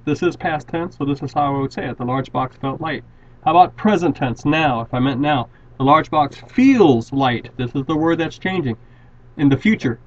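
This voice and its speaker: A man teaching a grammar lesson, patiently walking through example sentences and often restarting his words. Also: fairly high pitch. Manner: patient, repeats and restarts words while explaining. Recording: dull lo-fi classroom recording.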